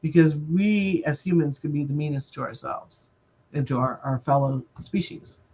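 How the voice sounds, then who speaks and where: A woman in her sixties, an animal communicator guest on a livestream, telling stories in a lively way and acting out little dialogues. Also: sits low, moderate pace, slightly rough. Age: 60s. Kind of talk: casual livestream interview. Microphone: video call.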